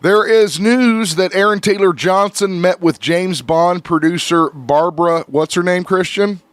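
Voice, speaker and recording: A man's voice: high voice, a little slow, dry recording. A man hosting a casual podcast chat, laughing a lot and swearing loosely while fighting sinus trouble. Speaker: podcast host.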